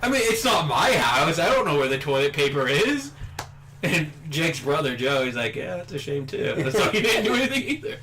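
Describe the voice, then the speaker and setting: A young man casually telling a funny story during a gameplay session, laughing as he talks. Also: fairly high pitch. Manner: laughs through his story, animated. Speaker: gaming commentator.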